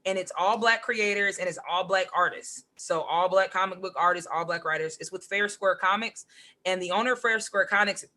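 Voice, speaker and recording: A woman's voice: medium pitch, brisk. A woman, a podcast guest chatting casually and acting out quotes, with lots of "like". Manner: animated, says "like" a lot, acts out quotes. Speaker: podcast guest, comic writer and poet. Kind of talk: casual chat.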